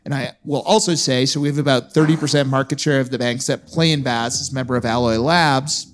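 A man's voice: mid-range voice, fairly even intonation, brisk, a little hiss or hum. A man speaking bluntly and jokingly on a live podcast panel at a conference, throwing out provocative hot takes.

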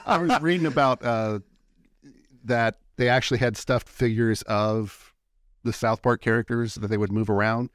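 A man's voice: medium pitch, normal speed, clean tone, no room sound, studio quality. A man co-hosting a podcast, telling a rambling story in casual chat and laughing often at himself. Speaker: podcast co-host.

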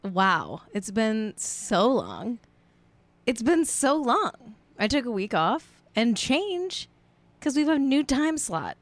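A woman's voice: fairly high pitch, wildly swooping pitch, slow, dry recording. A woman hosting a casual live-streamed show, joking around and riffing playfully. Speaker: show host.

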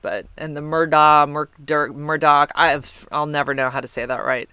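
Rambly podcast lady reading comments, smooth crisp voice, super dry close sound. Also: sits low, fairly even intonation, normal speed, pushed and bright, no echo. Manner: rambling, chatty, self-correcting. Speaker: podcast host. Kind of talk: casual chat reading listener comments.

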